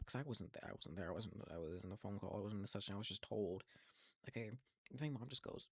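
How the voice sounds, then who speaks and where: An eighteen-year-old man in a casual, profane, rambling monologue, full of halting restarts. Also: lowish voice, slightly rough, no room sound. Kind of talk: casual venting monologue to camera.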